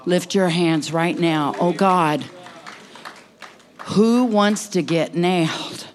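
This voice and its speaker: A woman preaching at a conference service, impassioned, swinging between near-whispers and loud cries. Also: lowish voice, slow pace, slight background noise. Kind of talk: conference sermon.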